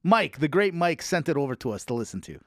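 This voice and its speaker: A man co-hosting a sports podcast, telling stories in an excitable, teasing way. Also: a little high, fast, dry recording, clean studio sound. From Canada. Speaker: podcast co-host. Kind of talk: casual sports banter.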